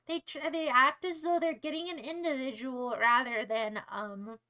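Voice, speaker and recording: A woman's voice: high voice, fairly even intonation, moderate pace, sharp tone, clear, resonant tone, low-quality recording. A young American woman streaming live, chatting with her viewers in a playful, teasing, rambling way. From United States. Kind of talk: casual livestream chat to viewers.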